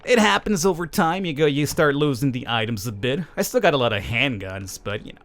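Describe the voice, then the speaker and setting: A man's voice: medium pitch, animated, a little fast, a bit bright. A man hosting a casual let's-play commentary, playful and sarcastic, asking his viewers rhetorical questions over game music. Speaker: gaming channel host.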